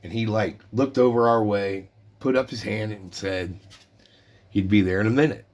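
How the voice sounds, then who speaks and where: A man's voice: on the low side, normal speed, darkish tone. A middle-aged man casually telling a rambling story about collecting trading cards, full of fillers and restarts. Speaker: card collector vlogger.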